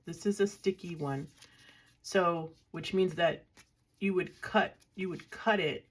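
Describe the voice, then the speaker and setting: An older woman, a craft vlogger, chats casually through her washi tape collection in a fairly low, husky voice at a slow pace. She thinks aloud, tossing in dry, self-mocking remarks during this relaxed crafting show-and-tell.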